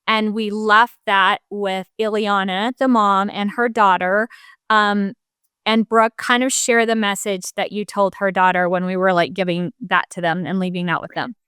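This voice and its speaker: Bright, crystal-clear woman podcast co-host. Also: medium pitch, level tone, normal speed, dry recording, studio quality. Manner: chatty, warm interviewer tone, lots of "like" and "you know". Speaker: mother. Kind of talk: casual podcast conversation.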